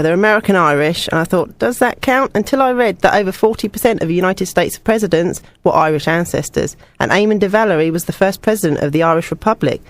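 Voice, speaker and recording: A young woman presenting a student radio music show, chatty and personal between songs. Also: mid-range voice.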